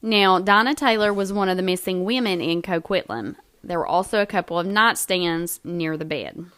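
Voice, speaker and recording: A woman's voice: on the low side, animated, normal speed, a bit bright, smooth. A woman co-hosting a true crime podcast, reading her notes aloud and often breaking into laughter. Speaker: podcast co-host.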